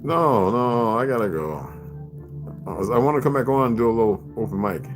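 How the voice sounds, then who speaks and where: A man's voice: mid-range voice, lively intonation, a little fast. A man hosting a casual livestream, rambling and profane, who laughs often as he talks. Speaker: livestream host. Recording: music playing clearly behind.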